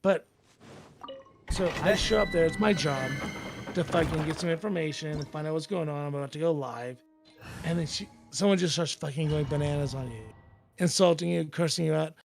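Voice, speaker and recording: Male guest, gravelly voice, a bit high, profane rambling anecdotes, faint music under. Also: a little fast. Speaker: tv reporter guest. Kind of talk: casual chat.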